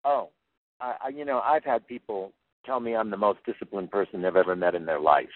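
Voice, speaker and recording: A man's voice: fairly low pitch, brisk. Older man coach on a phone line. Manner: earnest and plainspoken, repeats words as he thinks. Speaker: figure skating coach. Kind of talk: interview answers. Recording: tinny phone-line sound, dry.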